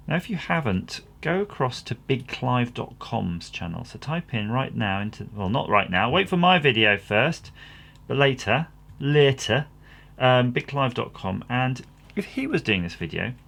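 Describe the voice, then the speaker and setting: A man's voice: mid-range voice, creaky, fairly bright tone, slight background noise. A man hosting his own channel, assembling an electronics kit while chatting casually and poking fun at himself. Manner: rambling and self-deprecating. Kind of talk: casual workbench commentary.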